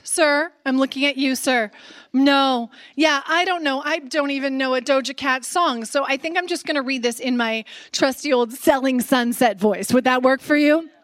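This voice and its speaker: Brash Canadian comic host, high-pitched, dry and close, playing a live crowd. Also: female voice, fairly bright tone, no echo. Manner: brash, sarcastic, playful. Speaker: podcast host. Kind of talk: live comedy podcast monologue. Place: stage before a live audience.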